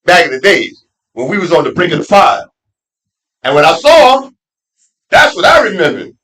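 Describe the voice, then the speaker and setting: Animated preaching imam with big swings. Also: male voice, normal speed, low-quality recording. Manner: conversational preaching, swings from low asides to loud emphatic peaks; street slang and laughter mixed into preaching. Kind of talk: Friday sermon. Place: mosque.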